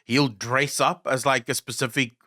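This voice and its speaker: A man's voice: medium pitch, normal speed. A man from South Africa co-hosting a gaming podcast, telling stories in casual chat, emphatic and swearing freely. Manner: lively storytelling, swearing, emphatic. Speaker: podcast co-host.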